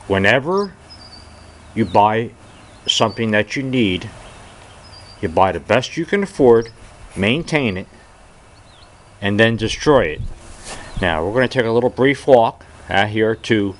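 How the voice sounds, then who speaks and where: A middle-aged man hosting a casual outdoor video in a windy rural yard, talking in a folksy, jokey, animated way. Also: medium pitch, measured pace, pauses often. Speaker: video host. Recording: outdoor wind noise.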